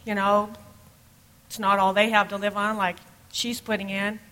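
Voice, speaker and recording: A woman pastor preaching a sermon, telling stories in an easy, conversational way at a middle pitch. Her voice carries a long reverb from a church sanctuary. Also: flat delivery, normal speed, a bit bright.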